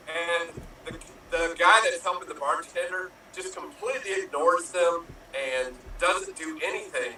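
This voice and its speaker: This is a man telling quick improv jokes with a very bright, sharp voice. He is heard from far off in a very echoey room with faint noise behind him, and he laughs at his own setups. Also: fairly high pitch. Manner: playful, laughs at own jokes, acts out punchlines. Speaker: improv player. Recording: roomy echo from far off.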